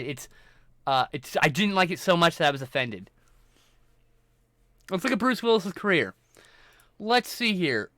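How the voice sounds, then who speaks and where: A man's voice: high voice, pushed and bright, clean tone, no room sound, clean studio sound. A man streaming live, ranting casually and profanely about movies while working through his film collection. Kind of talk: casual livestream rant.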